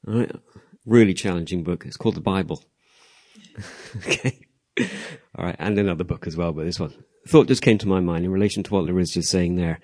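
Man, very low voice, mellow tone, chatty church reflection, acts out dialogue. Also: quick pace, hardly any pauses. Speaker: church member sharing a reflection. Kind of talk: informal church talk.

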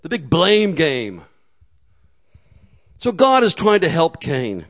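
Pastor guy preaching, chatty and jokey, kinda high voice. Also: huge pitch swings, takes it slowly, fairly bright tone. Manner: conversational and humorous, with restarts and acted asides. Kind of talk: sermon.

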